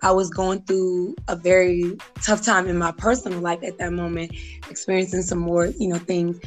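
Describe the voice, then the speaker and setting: A woman's voice: on the low side, flat delivery, normal speed, soft background music. A woman being interviewed as a guest author, speaking in a reflective, casual way, with fillers and small laughs. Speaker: guest author and life coach.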